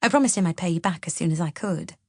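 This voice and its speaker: A woman voicing a composed older mother-in-law who explains herself in a measured, earnest way. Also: on the low side, warm tone, no room sound, clean studio sound.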